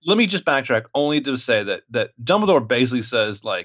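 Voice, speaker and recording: Lively sarcastic man, dull dry sound. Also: mid-range voice, quick pace, dry recording. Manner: sarcastic and profane, mocking impressions. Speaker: podcast co-host. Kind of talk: casual film review chat.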